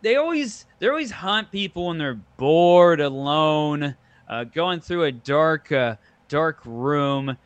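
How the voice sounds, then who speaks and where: Crude, joking podcast guy with lively pitch. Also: slow pace, smooth, dry recording, dull audio. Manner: crude, joking, riffing with silly bits. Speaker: podcast co-host. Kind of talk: casual comedic chat.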